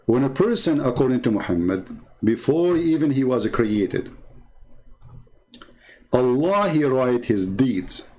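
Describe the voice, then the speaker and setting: A man hosting a live-stream debate, speaking at a medium pitch with a sarcastic, scolding edge. He is emphatic and stops now and then to read viewers' comments. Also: lively intonation, unhurried, pauses often, dark tone. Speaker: online religious debater.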